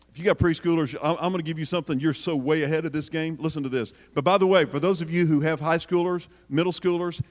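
A man preaching to a packed hall, his fairly high voice carrying with a long reverb tail. He jokes and teases the audience, asks them questions, and then turns serious. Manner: animated, joking, addresses audience directly. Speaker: speaker on parenting. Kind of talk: sermon.

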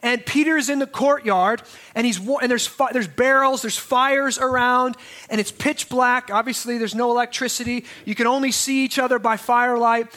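A man's voice: very high-pitched, steady tone, moderate pace, bright, forceful tone. A man preaching a sermon as pastor, in a conversational way with restarts and asides.

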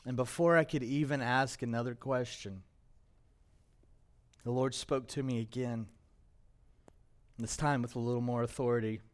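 A middle-aged male pastor telling a personal story in a sermon, emotional and halting at times. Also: mid-range voice, steady tone. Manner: emotional, personal testimony with pauses.

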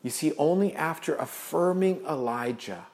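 A male pastor preaching a sermon, earnest, building to emphasis and then dropping soft. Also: fairly high pitch, expressive, normal speed.

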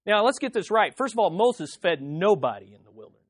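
A male pastor preaching a sermon to his congregation, firing off rhetorical questions and swinging from quiet to loud. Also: sits high, animated, fairly quick, no room sound, studio quality. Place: church service.

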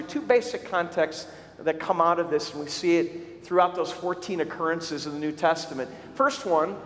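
A male pastor preaching a sermon, telling stories with animated shouts for emphasis. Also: fairly high pitch. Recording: echoey hall recording.

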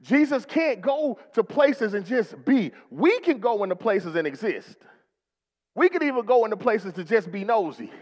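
A man's voice: high voice, sing-song, normal speed, darkish tone, in a large hall. A male pastor preaching a rousing sermon in a church, calling for responses from the congregation.

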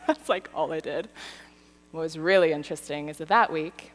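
A woman in her thirties giving a sermon, telling a story with lively, animated delivery. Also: low-pitched, fairly quick. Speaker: church speaker. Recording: hall reverb.

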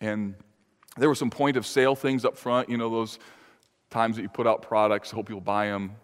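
A man's voice: on the low side, little pitch movement, moderate pace, smooth. A male pastor preaching a sermon, earnest and emphatic, rising for stress and dropping to near-confiding tones. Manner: earnest, emphatic preaching with sudden lifts and drops. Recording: reverberant hall.

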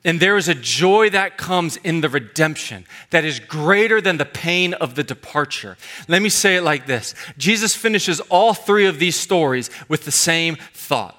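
Guy preaching, high bright voice, goes from fired up to real quiet. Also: expressive, normal speed. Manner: swings from loud fervent preaching to hushed intimate delivery. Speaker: pastor. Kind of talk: sermon.

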